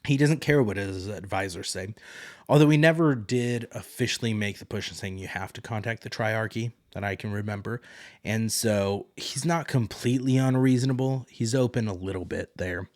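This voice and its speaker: Recapping a TV episode on his solo podcast, this male host speaks at a moderate pace in a voice on the low side. He's casual and rambling, loosely quoting the characters as he paraphrases them. It's a dry, studio-quality recording.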